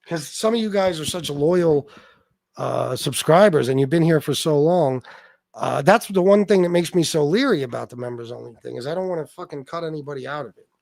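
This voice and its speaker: A man running a live stream in a loose, chatty way. He is blunt and swears a lot, and his voice sits a little high for a man. The sound is close and dry, with no room echo. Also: brisk, gravelly, a little mellow. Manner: blunt and profane, reading out viewer names. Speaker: livestream host. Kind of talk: casual livestream chat.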